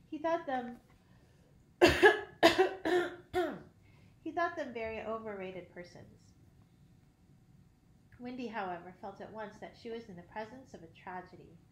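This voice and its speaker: A woman reading a children's classic aloud, expressive, with occasional slips and throat clearing. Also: a little high, moderate pace, a little hiss or hum. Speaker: audiobook reader. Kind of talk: storybook narration. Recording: roomy echo.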